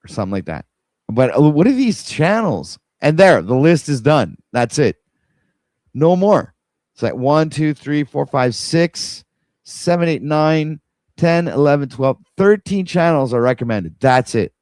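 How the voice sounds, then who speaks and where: A man of middling pitch hosts a casual livestream and rambles on in an exasperated tone, talking straight to his viewers. His voice sits close and dry, with no room sound around it. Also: lively intonation, a little slow, darkish tone, dry recording. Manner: rambling, exasperated, talks to viewers while scrolling. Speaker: livestream host.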